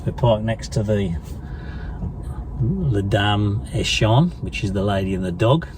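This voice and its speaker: A man's voice: on the low side, fairly even intonation, a little slow. A man from the UK vlogging his van trip, chatting casually with lots of fillers and restarts. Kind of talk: casual travel chat and voice-over. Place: outdoors in a French town. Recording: noisy outdoor sound.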